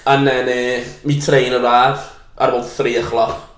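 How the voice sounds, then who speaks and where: A man's voice: mid-range voice, flat delivery, measured pace, a bit bright, roomy sound. Scouse man with a crude, rambling storytelling manner. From Liverpool. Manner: rambling, crude, self-deprecating. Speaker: podcast guest. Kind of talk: casual storytelling.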